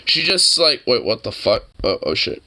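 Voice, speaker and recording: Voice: mid-range voice, sing-song, normal speed, pushed and bright. A streamer in a casual reaction stream, laughing often, swearing freely and echoing the clip's words back.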